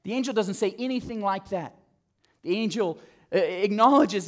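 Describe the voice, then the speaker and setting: Male pastor, sermon, slightly high voice, animated storytelling, soft low emphasis on key lines. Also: normal speed. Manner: animated storytelling, acting out quotes.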